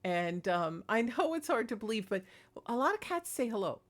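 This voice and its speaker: A woman's voice: on the high side, very animated, moderate pace. A woman talking casually in a rambling, chatty vlog about her paranormal experiences, laughing between thoughts. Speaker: paranormal vlogger.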